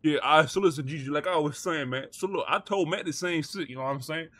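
A man's voice: a little high, fast talker, fairly bright tone. A man role-playing a prison gang boss in game voice chat, talking brash street slang and barking orders.

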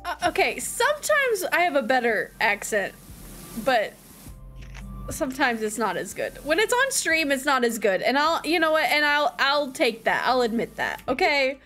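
A woman's voice: high-pitched, big pitch swings, normal speed, pushed and bright, faint music behind. Playful woman chatting on her game stream. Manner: playful, giggly, teasing. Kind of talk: casual gaming stream chat.

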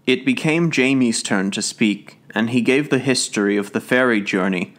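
Guy reading old folk tales for an audiobook, steady and measured, average pitch. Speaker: audiobook narrator. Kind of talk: scripted narration of folk tales.

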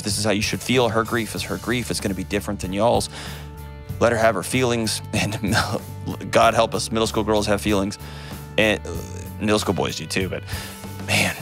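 A man's voice: fairly low pitch, steady tone, moderate pace, pauses often, fairly bright tone, soft background music. A middle-aged man hosting a call-in advice show, speaking earnestly and emphatically, often repeating words for weight.

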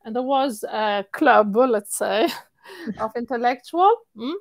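Animated Italian-accented woman coach. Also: on the high side, takes it slowly, no room sound. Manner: animated, repeats words for stress, laughs often. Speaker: singing coach. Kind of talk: interview answers.

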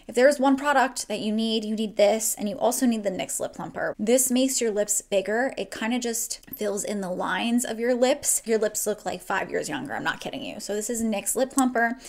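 Young woman from New Jersey, gravelly vocal fry, chatty and gushing beauty vlogger at home. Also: fairly high pitch, expressive, moderate pace, few pauses. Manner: chatty, gushing, swears casually. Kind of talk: casual makeup tutorial. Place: at home, indoors.

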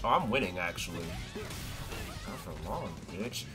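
A young man streaming a fighting game, commenting live with excitable yelps and trash talk. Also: mid-range voice, brisk, soft background music.

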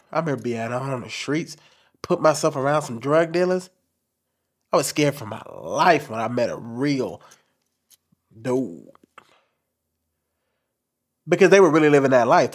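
A young man with a soft, light voice he calls feminine, telling a candid personal story to camera in an expressive, forward way and talking with his hands. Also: medium pitch. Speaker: commentary channel host.

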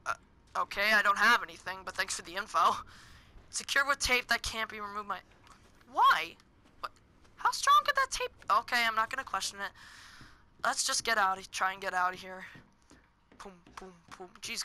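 A woman's voice: mid-range voice, sharp tone, low-quality recording. A teenage girl commentating a horror game, hyper and jumpy, yelping and screaming at every scare. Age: teens. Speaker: gaming commentator. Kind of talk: let's play commentary.

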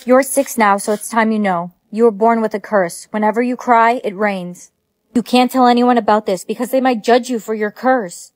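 A woman's voice: fairly high pitch, normal speed, dry recording. A woman acting out short dramatic POV skits, switching between characters. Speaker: skit creator.

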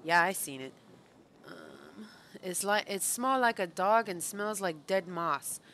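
A woman's voice: mid-range voice, animated, slow pace, a bit bright, slight background noise. A woman voicing a cowed male lackey from a fantasy game, a former pit king who talks in broken, verbless sentences. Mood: gruff. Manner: broken grammar, dropped verbs.

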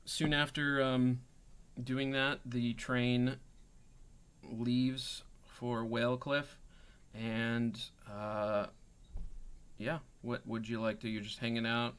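A man running a tabletop role-playing game as game master, talking in a halting way with many fillers. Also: medium pitch, little pitch movement, clear, resonant tone.

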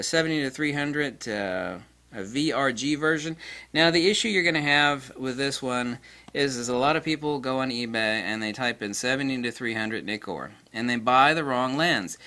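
A man with a bright, forward voice reviews camera gear in a loose, casual vlog. He talks bluntly and crudely and gets worked up fast, with bursts of laughter. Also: mid-range voice.

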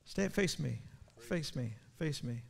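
A male pastor preaching a sermon, repeating his words and building to loud, fervent passages. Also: a little high, animated, slow, vocal fry. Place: church sanctuary. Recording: long church hall reverb.

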